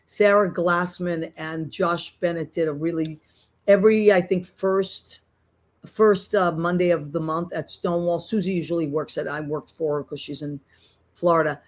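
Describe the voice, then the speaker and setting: A woman's voice: on the low side, steady tone, normal speed. Middle-aged lady rambling on her podcast, lots of restarts. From Boston, USA. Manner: chatty, rambling with many restarts. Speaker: podcast host. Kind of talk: casual chat.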